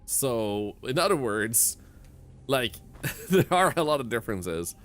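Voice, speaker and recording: A native Swedish speaker from the north talks in English with a clear Swedish accent as he streams a game. His voice is bright and bouncy, with pitch that swings up and down as he chats and laughs with his viewers. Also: big pitch swings, takes it slowly. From northern Sweden. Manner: chatty, answers chat, laughs often. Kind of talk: casual live-stream commentary.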